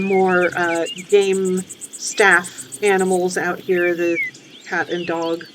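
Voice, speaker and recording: A woman's voice: fairly low pitch, noisy background. A woman talking casually as she plays a game, explaining its history with plenty of ums and asides. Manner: chatty, full of ums and asides. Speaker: book historian playing a game. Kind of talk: casual commentary while playing.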